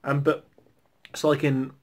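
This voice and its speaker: A man's voice: a little high, monotone, measured pace. A young man with an English accent, chatting casually for his video in a rambling way, with "like" in nearly every phrase. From England. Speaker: vlogger. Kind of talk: casual chat.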